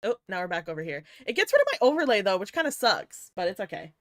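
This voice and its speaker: A young woman chats with her stream audience in a teasing, giggly way, dropping swear words as she goes and sounding a bit tired. Her voice sits at an ordinary middle pitch. It is recorded close and dry, with no room sound. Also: sing-song, fast talker, a bit bright, no room sound. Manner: playful and giggly, teasing chat, frequent swearing. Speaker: VTuber streamer. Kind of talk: casual livestream chat with viewers.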